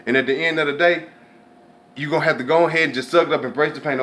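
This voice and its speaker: A man hosting his own show, giving a conversational, preachy faith and motivation talk, dropping to a low hush when voicing inner thoughts. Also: rapid-fire, slight background noise. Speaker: host.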